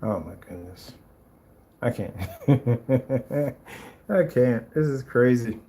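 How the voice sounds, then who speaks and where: A man reacting to a rival's screen paint video with mocking, exasperated commentary, swinging between loud outbursts and low muttering. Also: lively intonation, slow.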